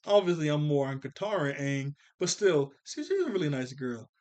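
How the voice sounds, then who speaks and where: A man's voice: a little high, sing-song, a little fast, darkish tone. A young man casually recapping a cartoon episode, retelling scenes in quoted voices and laughing often. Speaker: cartoon reviewer.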